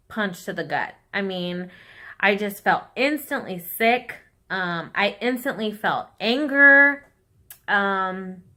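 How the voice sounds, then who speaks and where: A woman's voice: mid-range voice, pushed and bright. A young woman talking openly and with feeling to her viewers in a personal vlog, tearful at times. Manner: candid and heartfelt, talking straight to viewers. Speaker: vlogger.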